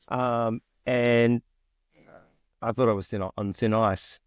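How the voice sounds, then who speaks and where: An Australian man in his forties telling stories from his career in a lively, chatty way, acting out the people he quotes. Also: lowish voice, a little slow, no room sound, studio quality. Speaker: guest. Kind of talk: casual storytelling interview.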